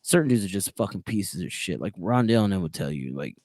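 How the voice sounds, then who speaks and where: Casual, profane man, mid pitch, dry close mic; prison-sergeant storyteller, loud bursts then mutters. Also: sing-song, brisk, dry recording. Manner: profane storytelling with swings in loudness. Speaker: prison sergeant and podcast guest. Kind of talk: casual podcast chat.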